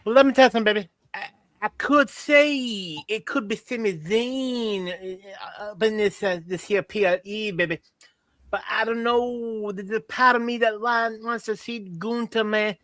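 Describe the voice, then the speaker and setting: A man's voice: sits high, moderate pace, a bit bright, dry recording. A man putting on a boastful, rambling old Southern wrestler on a podcast, with a put-on Texan drawl and calling everyone baby. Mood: swaggering. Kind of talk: comedic impression on a podcast.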